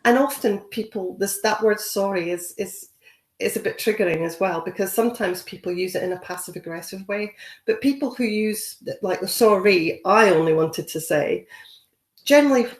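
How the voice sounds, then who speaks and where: A woman's voice: mid-range voice, a little fast, a little mellow, roomy sound. A woman giving a conversational training webinar, encouraging and full of "you know" fillers. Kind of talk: webinar talk.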